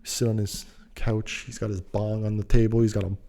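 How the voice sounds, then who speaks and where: A man's voice: lowish voice, flat delivery, fairly quick, dark tone. A young man telling a story in a casual, rambling, slangy, laid-back way.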